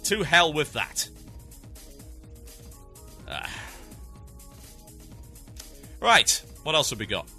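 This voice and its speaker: A man's voice: on the high side, big pitch swings, slow, pushed and bright, faint music behind. A young man hosting a solo gaming podcast, talking casually in a blunt, opinionated, ranting way. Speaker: podcast host.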